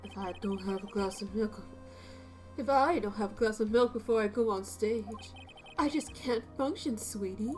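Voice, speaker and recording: Woman playing a vain flamboyant male magician, lowered voice, slow theatrical drawl. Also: faint music behind, lightly acted.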